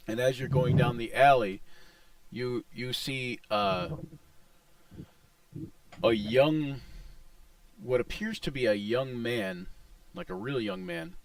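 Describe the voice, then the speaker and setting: A man's voice: medium pitch, sing-song, takes it slowly, gravelly, pauses often, dry recording, distant mic, low-quality recording. A man narrating as game master of a tabletop game, describing scenes in a hesitant way with many restarts.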